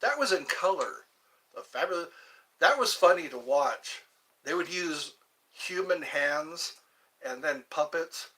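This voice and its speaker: An older man hosting a livestream, rambling casually and joking to himself in a slow, meandering way. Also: a little high, animated, sharp tone, low-quality recording. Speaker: livestream host.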